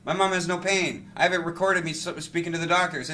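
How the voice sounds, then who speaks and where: A man giving an impassioned, rambling monologue to camera, urgent and halting with many restarts. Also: high voice, fairly even intonation, bright, forceful tone, a little hiss or hum. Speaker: vlogger.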